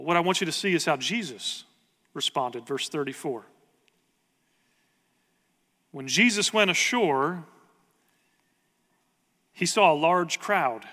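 A man's voice: on the high side, sharp tone, big-room sound. A man preaching a sermon as pastor, earnest and conversational, asking the congregation rhetorical questions.

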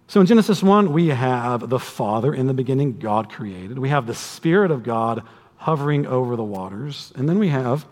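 A man preaching a sermon to a congregation, conversational and animated, with humorous asides. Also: medium pitch, normal speed. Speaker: pastor. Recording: long hall reverb.

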